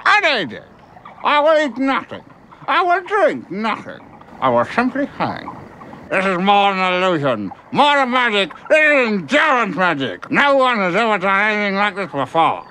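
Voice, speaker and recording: A man's voice: high-pitched, wildly swooping pitch, moderate pace, sharp tone, a little hiss or hum, exaggerated voice, poor audio. An actor playing a pompous male magician who speaks grandly and theatrically. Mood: grandiose.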